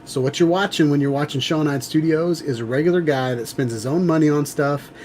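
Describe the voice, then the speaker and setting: A man's voice: fairly high pitch, a little fast, a little mellow, a little hiss or hum. A man hosting a casual livestream show, chatty and rambling with lots of fillers. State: out of breath. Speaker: livestream host.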